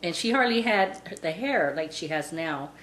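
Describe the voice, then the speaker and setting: Rambling woman, low voice, roomy sound. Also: animated, normal speed, a bit bright. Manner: rambling, with many "and, uh" fillers. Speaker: vlogger telling a pet story. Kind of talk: casual storytelling. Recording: roomy with faint background noise.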